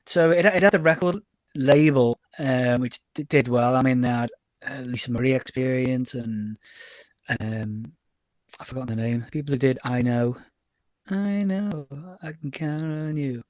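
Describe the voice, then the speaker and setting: The recording is dry, and his mid-range voice moves at a moderate pace. This Scouse DJ and label owner from Liverpool, England, middle-aged, rambles through stories in a casual podcast interview, correcting himself, repeating words and acting out what people said.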